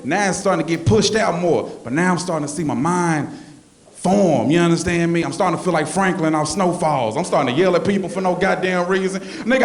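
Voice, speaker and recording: High-voiced man doing stand-up. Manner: loud, animated storytelling with yelling bits. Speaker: stand-up comedian. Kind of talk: stand-up comedy set. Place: comedy venue stage. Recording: roomy club with loud audience laughter.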